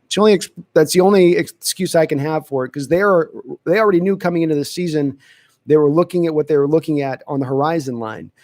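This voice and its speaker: Brief: male host, casual live-stream chat, thinks out loud, dry close-miked sound. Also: a little high, fast, dry recording. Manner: chatty, thinks aloud with restarts. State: dry throat. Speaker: podcast host answering chat questions.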